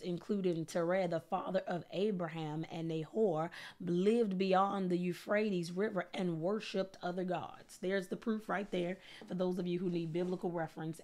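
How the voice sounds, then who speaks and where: A woman preacher delivering a sermon with fervent, emphatic repetition, building intensity as she speaks. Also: mid-range voice.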